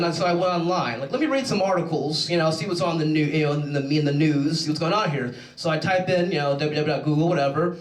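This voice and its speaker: A young adult man doing a rambling, animated stand-up comedy set on a stage. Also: on the high side. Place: show stage in a large room. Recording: echoey room, mic from far off.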